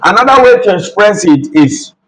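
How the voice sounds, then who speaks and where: A man teaching Spanish greetings in a video lesson, repeating phrases slowly and mixing Spanish with explanations. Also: high voice, expressive, fairly bright tone, rough recording. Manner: slow, repetitive, switches between Spanish and English phrases.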